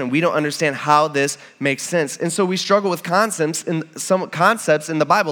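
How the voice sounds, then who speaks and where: Male preacher, slightly high voice, informal and conversational, restarts his sentences, acts out the quotes. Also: bright, forceful tone. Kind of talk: sermon.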